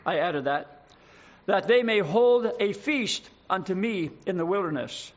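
A man's voice: high voice, animated, a little slow. A man preaching a sermon, reading scripture aloud with dramatic emphasis and adding his own asides. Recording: dull lo-fi recording.

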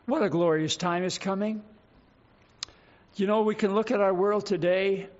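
A male pastor preaching a sermon, reading scripture slowly with emphasis and putting questions to his congregation. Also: high voice, fairly even intonation, dull audio.

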